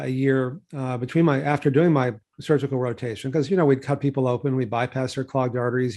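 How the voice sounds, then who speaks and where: A man in his sixties from Texas, a physician telling stories from his career in a relaxed conversational way, full of fillers and restarts. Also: medium pitch. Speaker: physician and researcher. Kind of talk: conversational interview storytelling.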